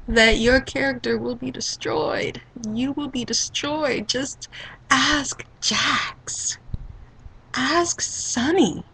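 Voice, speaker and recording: Vlogger woman, sassy rant, slow-paced, bright tone. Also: sits high, vocal fry, slightly rough, poor audio. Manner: sassy, animated, laughs often. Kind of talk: casual rant to camera.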